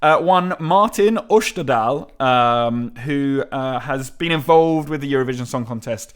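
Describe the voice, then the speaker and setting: A man's voice: medium pitch, measured pace, clean tone. A man co-hosting a podcast, talking casually with many ums and uhs and steering the chat. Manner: hesitant, many fillers, laughs along. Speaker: podcast co-host.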